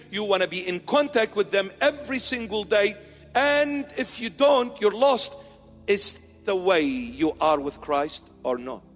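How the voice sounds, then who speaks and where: A man's voice: high-pitched, a bit bright. A middle-aged man, a bishop, giving a playful sermon, teasing his listeners and acting out little dialogues. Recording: long hall reverb with faint music.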